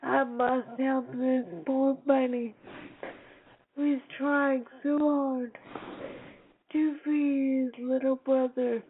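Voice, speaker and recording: A woman's voice: sits high, level tone, slow pace, long pauses. A woman voicing the rain as a kind, caring spirit in a storybook reading. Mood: sympathetic. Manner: gentle, sympathetic storybook voice. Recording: tinny phone-like sound, faint hiss.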